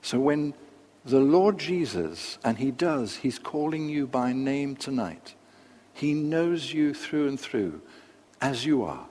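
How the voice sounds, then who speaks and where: A man's voice: medium pitch, expressive, a little mellow. Older man preaching in a reverberant church. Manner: measured, with pauses and asides. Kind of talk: sermon. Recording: long reverb of a large hall.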